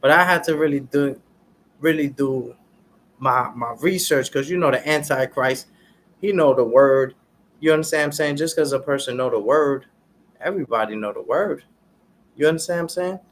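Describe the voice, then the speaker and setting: A man vlogging in a casual, preachy rant full of street slang, often turning to his viewers with "y'all" and getting loud and animated when worked up. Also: medium pitch, moderate pace, slight background noise. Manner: street slang, repeats "y'all" and "you understand what I'm saying". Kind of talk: casual ranting commentary to viewers.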